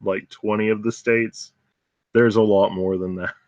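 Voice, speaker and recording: A man with a low voice drops in with dry, brief remarks during a casual podcast chat. His mic sounds dull and lo-fi, with a very dry, close sound. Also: level tone, a little slow, darkish tone, dry recording. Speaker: podcast guest.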